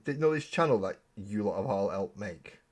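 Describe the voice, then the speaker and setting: A man's voice: lowish voice, lively intonation, a little fast. A man hosting a live stream, chatting casually and rambling with self-mocking humor while painting miniatures.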